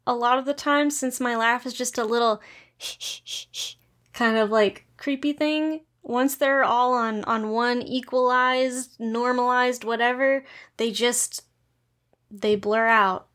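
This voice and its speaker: A woman's voice: fairly high pitch, steady tone, a little slow, fairly bright tone. A woman co-hosting and editing a podcast, chatting in a playful, self-mocking way. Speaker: podcast co-host and editor. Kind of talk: casual chat.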